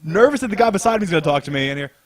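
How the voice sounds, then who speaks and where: Animated, swearing young man telling stories. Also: high voice, rapid-fire. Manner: animated storyteller, swears often, laughs while telling. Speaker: podcast host. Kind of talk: casual chat.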